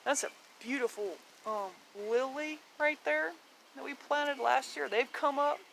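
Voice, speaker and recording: A woman's voice: sits high, measured pace, vocal fry, a bit bright, a little hiss or hum. A woman giving a casual walking tour of her home garden, chatty and rambling, blunt, with mild swearing and frequent laughter.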